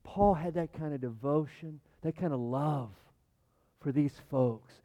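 A male pastor delivers a sermon in a casual, animated voice that sits a touch higher than most men's. He repeats phrases as he builds toward his points. The recording sounds dull and lo-fi. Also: measured pace. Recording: muffled lo-fi sound.

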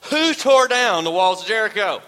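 A man's voice: high voice, animated, normal speed, bright, forceful tone, in a large hall, pitched above the performer's own voice, rough recording. A man voicing a flustered new male pastor in a joke, talking in an insistent, exasperated way.

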